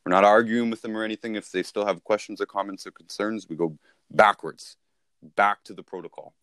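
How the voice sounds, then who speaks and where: Low-voiced man coaching on sales. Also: fairly even intonation, a little fast, a bit bright, dry recording, studio quality. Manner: conversational, repeats himself, restarts. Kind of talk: casual coaching talk.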